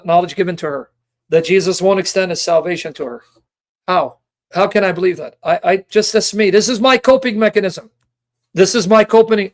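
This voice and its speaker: Impassioned man pleading with rhetorical questions. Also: sits high. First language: Assyrian. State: emotional, near tears. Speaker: Christian apologist. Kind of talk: emotional personal reflection.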